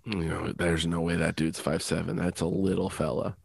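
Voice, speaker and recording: A man's voice: low voice, little pitch movement, normal speed, gravelly, slightly rough. A man co-hosting a podcast in casual chat, self-mocking and laughing often. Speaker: podcast co-host.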